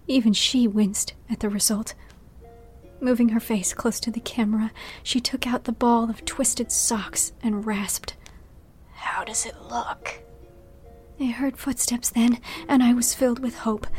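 Female narrator, somewhat high-pitched, hushed and half-whispered storytelling read, music bed underneath. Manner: hushed, often dropping to a whisper.

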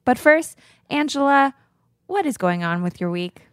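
A woman in her thirties co-hosts a podcast, chatting casually and laughing often as she tells stories. Her voice sits high and sounds animated but unhurried. The studio recording is clean, with no echo.

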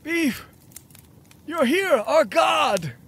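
A man putting on a panting male cult member, voice pushed up thin and high, lurching between frantic worship and terror. He sounds out of breath and overwrought, in a tabletop role-play. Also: expressive, extremely slow, creaky, a bit bright, slight background noise, exaggerated voice. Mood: worshipful.

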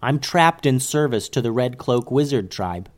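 A man voicing a gentle young dragon boy in a children's story, speaking slowly and earnestly. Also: mid-range voice, animated, lightly acted.

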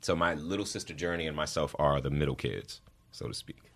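Deep-voiced man, earnest and emphatic. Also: a little fast, vocal fry, fairly bright tone. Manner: earnest, emphatic, repeats words for stress. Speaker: guest, actor and singer. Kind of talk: interview conversation.

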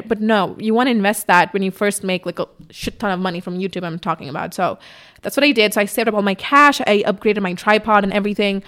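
A young woman with a fast, slightly bright medium-pitched voice hosts a casual podcast, recorded by a camera on a tripod in front of her. She tells her own story candidly and chattily, swearing freely and imitating herself in quotes.

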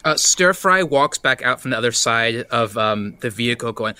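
A man playing a tabletop game, teasing and quick to slip into his character. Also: medium pitch, animated, pushed and bright, clear, resonant tone, no echo. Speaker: player. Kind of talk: tabletop role-play.

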